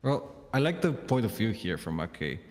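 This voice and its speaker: A male esports caster with a lower-pitched voice does live commentary, animated and quick to exclaim. His voice trails off into a long reverb tail.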